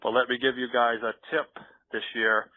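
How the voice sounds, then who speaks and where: A man leaving an excitable, jokey voicemail for a podcast, acting out little scenes as he tells them, heard over a phone line. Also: medium pitch, moderate pace. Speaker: voicemail caller. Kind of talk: animated voicemail message.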